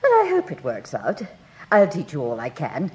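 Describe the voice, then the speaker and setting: A woman's voice: extremely low pitch, huge pitch swings, moderate pace, mellow, exaggerated voice. An actress playing a refined, well-off lady from the country hiring a housekeeper, polite and hesitant, in a radio drama. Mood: genteel. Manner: polite, genteel, hesitant with ums.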